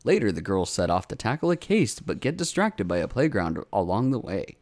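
Here a man whose voice sits on the low side talks fairly quickly, co-hosting a relaxed podcast that recaps anime episodes. Animated and swearing, he acts out what the characters say in raised voices.

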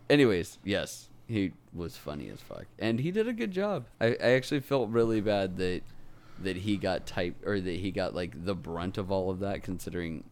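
A man's voice: low-pitched, moderate pace. A man co-hosting a podcast in casual chat, swearing often and breaking into laughter. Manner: profane, laughing often, animated swings in loudness. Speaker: podcast co-host.

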